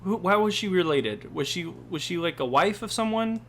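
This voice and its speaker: Lively-voiced man asking quick questions. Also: sits high, slight background noise. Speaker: podcast co-host. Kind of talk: casual movie review chat.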